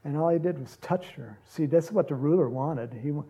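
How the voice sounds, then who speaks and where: A man preaching a sermon, retelling a gospel story with animated storytelling and acted-out lines. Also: a little high, moderate pace, breathy edge, lo-fi sound. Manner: animated storytelling, acts out quotes, laughs often.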